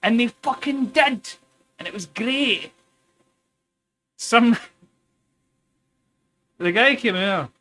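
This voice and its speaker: A man's voice: very high-pitched, expressive, drawn-out words, pauses often, sharp tone, slight background noise. A Scottish man telling rambling stories in casual stream chat. He swears a lot and tinkers with something as he talks. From Scotland. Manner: sweary, chatty, tells stories while tinkering. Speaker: livestreamer.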